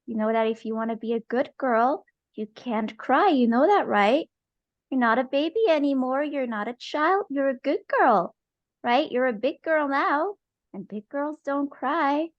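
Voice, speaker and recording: A woman voicing a controlling father who coaxes his daughter with false gentleness. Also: high-pitched, measured pace, no echo, lo-fi sound, pitched above the performer's own voice. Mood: coaxing stern. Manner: coaxing, insistent, falsely gentle.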